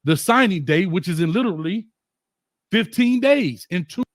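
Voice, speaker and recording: A man co-hosting a heated sports debate, interrupting and pressing his points, at times shouting. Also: high-pitched, expressive, moderate pace, no echo, studio quality. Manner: argumentative, interrupting, rising to shouts. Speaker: co-host.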